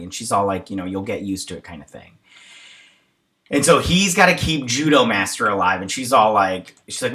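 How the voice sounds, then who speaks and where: A man with a bright, forward voice talks through a TV episode in a loose, chatty recap. He rambles, stacks fillers, and drifts off on side tangents before circling back. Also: medium pitch, animated, fairly quick. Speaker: show reviewer.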